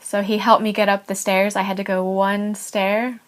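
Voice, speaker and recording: A woman's voice: medium pitch, moderate pace. A young woman from California with an American accent, telling a personal story in a casual, chatty vlog full of "like" and light laughs. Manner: chatty and animated, with frequent "like" and laughs. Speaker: vlogger.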